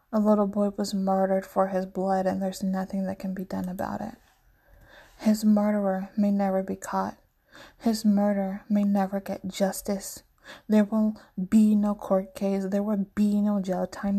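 A woman reading a novel aloud, voicing the characters' lines softly and often near a whisper. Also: medium pitch, creaky. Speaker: narrator.

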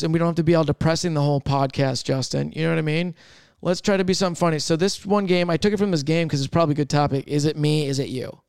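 A man hosting a solo podcast, rambling and thinking out loud in casual chat, swearing freely. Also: a little high, clean tone, no echo, studio quality. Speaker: podcast host.

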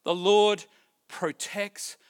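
A man, a pastor, preaching a sermon. He swings from loud, emphatic preaching to soft, hushed lines, repeating key phrases and drawing out stressed words. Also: sits high, fairly even intonation, drawn-out words, clear, resonant tone.

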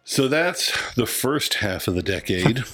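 A man's voice: mid-range voice, big pitch swings, unhurried, bright, forceful tone, soft background music. A man co-hosting a casual film podcast, jokey and stumbling over his sign-off lines. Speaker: podcast co-host.

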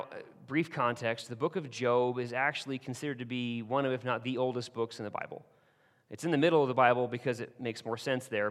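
Male preacher, casual and animated, acts out quotes; medium pitch, big reverberant room. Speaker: pastor. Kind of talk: sermon. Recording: long hall reverb.

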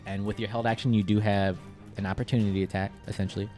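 Low-voiced man running a tabletop game. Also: flat delivery, fast talker, mellow, soft background music. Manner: explains rules patiently, laughs often. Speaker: game master.

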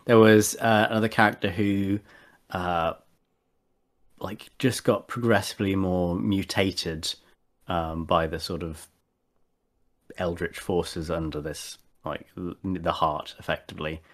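A man's voice: deep voice, fairly even intonation, unhurried. A man chatting casually as a podcast co-host and tabletop player, rambling with many fillers and restarts. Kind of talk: casual chat.

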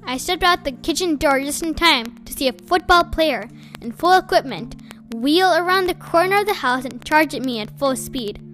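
A woman reading a first-person audiobook in a wry, deadpan storytelling manner. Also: high voice, normal speed, faint music behind. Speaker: audiobook narrator.

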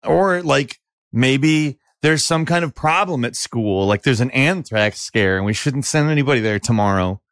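On a podcast, a male co-host chats casually and with animation, joking and swearing. His voice is medium-pitched at a moderate pace, recorded dry with clean studio sound.

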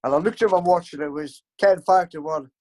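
A man's voice: on the high side, a little fast, warm tone. An older man, casually telling rambling anecdotes in an interview, full of fillers and restarts. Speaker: interview guest, former football club staff. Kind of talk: casual storytelling.

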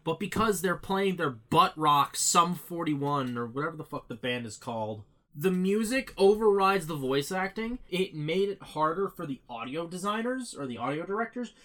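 A man's voice: on the high side, a bit bright. A young man co-hosting a podcast, chatting casually and opinionated, swearing freely. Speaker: podcast co-host. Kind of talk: casual chat.

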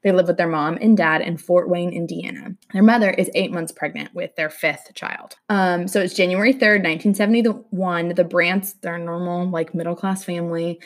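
Young female host, low-ish voice, animated casual storyteller who acts out quotes. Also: moderate pace, hardly any pauses. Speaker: podcast host telling a true crime story.

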